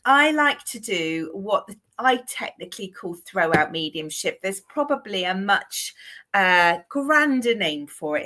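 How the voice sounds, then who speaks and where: A woman's voice: medium pitch, bright, forceful tone. A woman with a broad Southwest English accent speaks to viewers in a live-stream mediumship session. She is chatty and familiar, and calls her viewers darling and sweetheart. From Southwest England.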